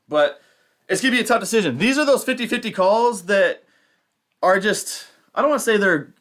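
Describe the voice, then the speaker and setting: A man's voice: on the high side, a bit bright. Rambling man thinking aloud on stream. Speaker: fantasy football livestream host. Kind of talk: casual live-stream commentary.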